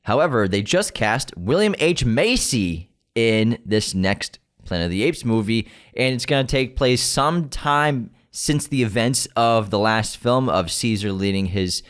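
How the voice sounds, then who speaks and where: A man's voice: mid-range voice, measured pace, few pauses. A young adult man co-hosting a podcast, reading entertainment news items and then joking loosely about them. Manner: relaxed, reads news items then riffs and jokes. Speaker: podcast co-host. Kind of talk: casual chat.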